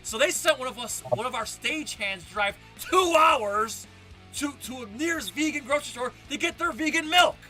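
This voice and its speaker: Man, co-host, high voice, very bright tone, casual chatty delivery, faint music behind. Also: expressive, moderate pace. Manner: chatty, exclamatory. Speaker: podcast co-host. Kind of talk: casual chat.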